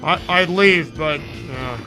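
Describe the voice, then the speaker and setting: A man streams a retro arcade game over game music, giving jokey, casual live commentary. His voice sits high and sounds bright and forceful. He chuckles often and slips into comic voices.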